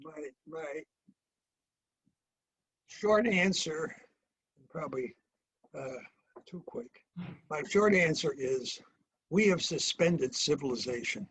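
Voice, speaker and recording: An older American man with a husky, slightly high voice speaks as a professor being interviewed. He talks haltingly, restarting his sentences and circling back to his point with a dry wit. The sound is close and dry, with little room echo. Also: lively intonation, fairly bright tone. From United States. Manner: halting, many restarts and fillers, with dry humour. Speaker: international relations professor, guest. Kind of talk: remote interview.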